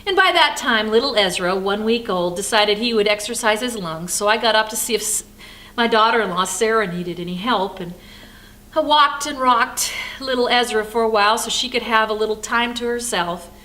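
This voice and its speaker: An older female pastor shares a personal story as a devotional sermon, moving from animated to soft and reflective. Her voice sits slightly high, at a moderate pace.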